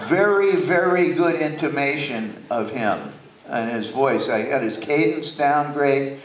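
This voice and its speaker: Slow-talking older man in a theater. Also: mid-range voice, distant mic, noisy background. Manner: slow, anecdotal, hesitant. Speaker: guest speaker. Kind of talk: on-stage conversation. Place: theater stage before an audience. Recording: roomy hall, mic from afar.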